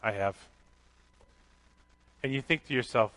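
A middle-aged pastor giving a candid, conversational sermon with self-deprecating asides. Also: male voice, medium pitch, normal speed, pauses often, a bit bright.

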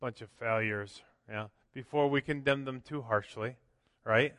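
Bright-voiced preacher in a reverberant church. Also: male voice, medium pitch, a little slow, clean tone, clean studio sound. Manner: conversational preaching, frequent "right?" asides, acts out quotes. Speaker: pastor. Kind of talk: sermon. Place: church sanctuary.

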